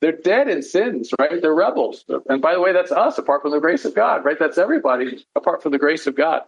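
A man's voice: fairly high pitch, lively intonation, fairly quick, gravelly, slightly rough, muffled recording. A man preaching a conversational sermon, earnest, often asking rhetorical questions and checking in with "right?". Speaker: pastor teaching a Bible study.

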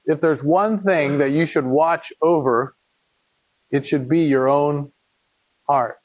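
A man's voice: fairly high pitch, slow pace, no room sound. Man preaching through scripture, dull dry sound. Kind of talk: Bible teaching.

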